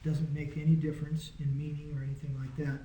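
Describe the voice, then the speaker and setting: Relaxed man teaching in an echoey room. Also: a little high, quick pace, a little hiss or hum. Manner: patient, conversational, often checking understanding. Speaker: Greek teacher. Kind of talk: informal classroom lesson. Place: small classroom.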